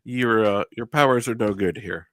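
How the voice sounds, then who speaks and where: A man with a lower voice chipping into a relaxed movie discussion. He adds brief, dry jokes and nods along. The sound is close and without echo. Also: normal speed. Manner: short wry quips and agreement. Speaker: podcast co-host. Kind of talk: casual film review chat.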